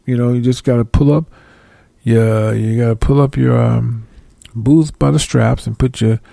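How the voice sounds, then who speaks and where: A man's voice: mid-range voice, gravelly, warm tone, no room sound, studio quality. A man, delivering a heated, profane monologue full of blunt rhetorical questions. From United States.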